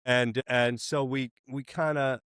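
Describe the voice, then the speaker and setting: A man telling a long comic story in a casual interview, animated and acting out the people he quotes, with some swearing. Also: mid-range voice, slow pace, clear, resonant tone, no room sound, studio quality. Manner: animated, acts out quoted voices, swears freely. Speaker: filmmaker telling stories.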